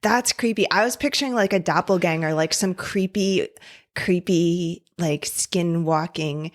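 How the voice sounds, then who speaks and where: A woman's voice: on the low side, a little slow. A woman co-hosting a casual podcast, blunt and exasperated, swearing freely as she tells her own stories. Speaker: podcast co-host. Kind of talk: casual chat.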